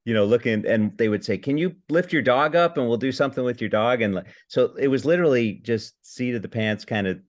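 A man from Indiana, a comedy writer, chatting as a podcast guest from his home, self-deprecating and halting, with restarts and laughs. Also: mid-range voice. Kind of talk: casual interview chat.

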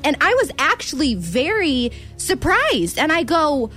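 Woman co-host, high bright pitch, very lively melody, teasing, laughs a lot. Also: normal speed, hardly any pauses, soft background music. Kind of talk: casual chat.

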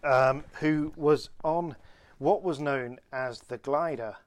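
A man's voice: on the high side, slow. Chatty man telling a story. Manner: animated anecdote teller, many restarts. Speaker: podcast co-host. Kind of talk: casual storytelling chat.

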